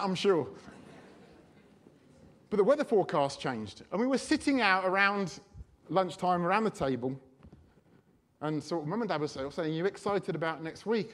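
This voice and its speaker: A man's voice: high-pitched, normal speed, long pauses. Chatty man preaching. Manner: anecdotal, animated, chatty storytelling. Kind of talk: sermon storytelling.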